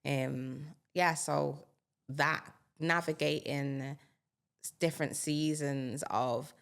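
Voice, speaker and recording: A woman's voice: low-pitched, steady tone, slow, gravelly. A woman in her thirties, a singer and interview guest, talking openly and reflectively about her life. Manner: reflective, open, personal. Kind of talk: candid interview conversation.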